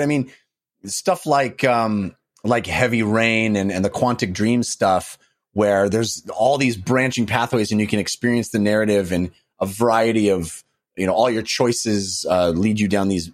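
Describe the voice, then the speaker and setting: A man co-hosting a gaming podcast, talking casually and restarting and rephrasing as he works through his thoughts. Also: on the low side. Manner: animated, restarts and stacks qualifiers. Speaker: podcast co-host. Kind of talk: casual chat.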